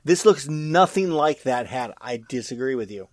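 A man's voice: mid-range voice, lively intonation, normal speed. A young adult man co-hosting a casual podcast, explaining rules carefully and teasing his partner. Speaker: podcast co-host. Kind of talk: casual chat about trading cards.

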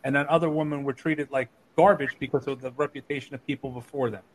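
Speaking fast in a mid-range voice, this middle-aged man shares vulgar stories in a laid-back chat, performing each character's voice with lively energy. The rough recording has a slight hiss or hum.

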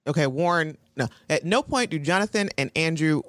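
A podcast co-host in casual chat, recapping a TV episode with animated retelling and frequent laughter. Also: mid-range voice, a little fast, no echo. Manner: animated retelling, acts out characters' lines; frequent fillers and restarts, laughs often.

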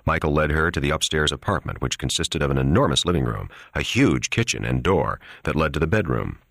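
A man narrating an audiobook with an extremely deep, low voice. He tells the story in a steady, even way. The recording is dry and close, with no room echo. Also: a little fast, creaky.

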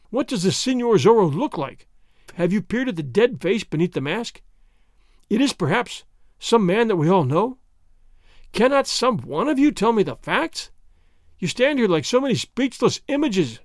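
A man puts on a soft-spoken young gentleman who needles with polite innocence. The voice sits high and swings freely. It is heard close and dry, as in a storybook reading. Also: sing-song, normal speed, dry recording. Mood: needling, mock-innocent. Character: mild, teasing young nobleman, languid and polite.

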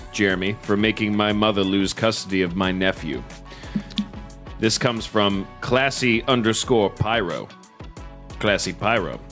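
A man's voice: fairly low pitch, fairly bright tone. A man co-hosting a comedy podcast, reading online stories aloud and breaking in with laughing asides. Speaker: podcast co-host.

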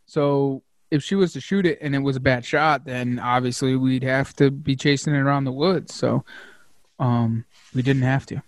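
A man hosting a casual hunting podcast, talking excitedly with lots of fillers and the odd curse word. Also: medium pitch, normal speed, dry recording, studio quality. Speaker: podcast host.

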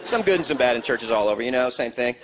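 A man performing a stand-up comedy set, animated and putting on voices for the people he quotes. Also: mid-range voice, fast. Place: comedy venue before a live audience. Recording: live show with crowd laughter and noise.

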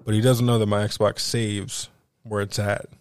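A man hosting a home podcast, telling an animated, profane story in casual chat and acting out the voices of the people he quotes. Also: fairly low pitch, normal speed, clear, resonant tone, no echo, clean studio sound. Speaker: podcast host.

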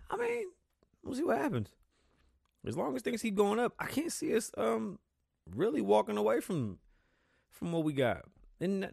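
A man hosting his own podcast, talking loosely and excitably, swearing often and stumbling over words. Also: a little high, creaky, no room sound, studio quality. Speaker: podcast host. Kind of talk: casual solo podcast talk.

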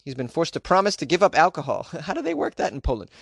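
A man's voice: fairly high pitch, wildly swooping pitch, fast talker, vocal fry, few pauses, a bit bright, slightly rough, no room sound, studio quality. A man hosting a show, reading odd news stories and adding sarcastic, joking remarks. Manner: sarcastic, joking asides with laughs. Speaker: host.

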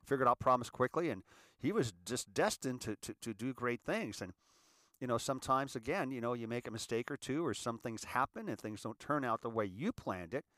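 A middle-aged man hosting his own show, giving a heartfelt monologue that stumbles and repeats words, then grows animated. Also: mid-range voice, brisk, no echo, clean studio sound. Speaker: podcast host.

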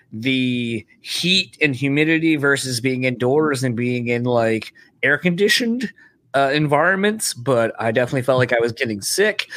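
A man's voice: medium pitch, a bit bright, no room sound. A man co-hosting a podcast in casual chat, loose and profane with lots of fillers. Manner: loose, swearing, many fillers. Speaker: podcast co-host.

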